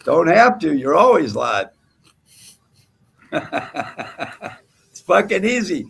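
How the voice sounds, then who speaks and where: A man's voice: a little high, sing-song, drawn-out words, vocal fry, a bit bright, husky. A man hosting a livestream panel, taunting and cursing at a rival in heated trash talk. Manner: profane, taunting, mocking. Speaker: livestream host.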